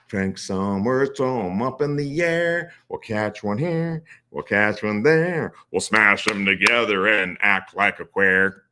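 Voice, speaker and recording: A man's voice: lowish voice, sharp tone. A man commenting casually on clips, sarcastic and profane, mocking what he hears. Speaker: streamer reacting to clips.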